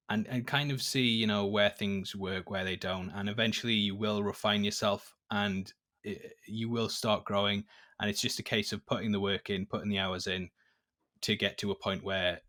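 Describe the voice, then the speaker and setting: A man being interviewed as a YouTube guest, speaking in a measured, thoughtful way with some hesitant fillers. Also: fairly low pitch, pushed and bright. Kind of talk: casual interview chat. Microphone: remote call audio.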